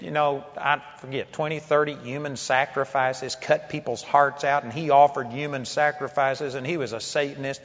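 A high-voiced, bright-toned man preaches, telling a story full of acted-out quotes and laughs. His voice rings with a long hall echo on a dull, lo-fi recording with faint noise behind it. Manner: animated storyteller, acts out quotes, laughs often. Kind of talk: sermon storytelling.

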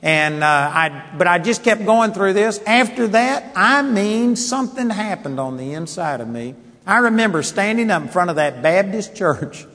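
A man preaches to a congregation, telling a personal story with earnest feeling and swelling into emphatic scripture. His voice sits a little high. The sound carries a long reverb from a church hall. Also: lively intonation, normal speed, hardly any pauses, a bit bright. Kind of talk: sermon testimony.

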